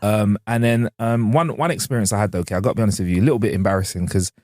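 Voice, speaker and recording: A man's voice: fairly low pitch, rapid-fire, darkish tone, no echo, clean studio sound. A man co-hosting a podcast, telling stories in a laid-back, slangy way. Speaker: podcast co-host. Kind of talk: casual chat.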